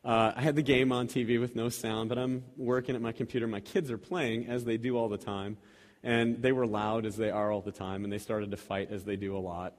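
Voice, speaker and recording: A man in his thirties or forties preaches in a relaxed, self-deprecating way, often restarting his sentences and chuckling at his own stories. His voice sits at an ordinary middle pitch for a man. The sound carries the long reverb of a church sanctuary. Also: brisk. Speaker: lay preacher. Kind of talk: casual sermon with prayer.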